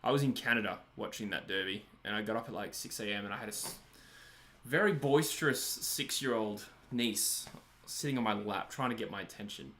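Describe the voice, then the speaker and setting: A man's voice: fairly low pitch, a little fast, fairly bright tone, slight background noise. An Australian man hosting a live stream, chatting casually while watching a match, laughing often and answering viewers' comments. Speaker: livestream host.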